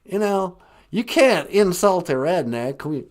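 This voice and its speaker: A brash, folksy ex-president calling into a show, as a man puts him on for a comic skit. He leans on a thick, exaggerated drawl and a boastful swagger, pitched up above a plain speaking voice, with a lively voice that swoops up and down. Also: a little slow. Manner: exaggerated folksy drawl, boastful, calls people 'man' and 'son'. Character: brash male former president, folksy redneck caller.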